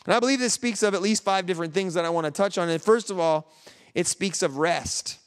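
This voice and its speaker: A man's voice: high voice, a little fast. A man preaching a sermon to his church in an earnest, conversational way. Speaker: pastor. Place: large church hall. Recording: echoey church hall with long reverb.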